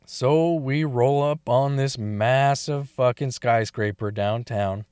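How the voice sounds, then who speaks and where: A man's voice: medium pitch, slow, darkish tone, clean tone, no room sound, studio quality. A man telling a story in a casual, crude way, swearing and laughing often between lines.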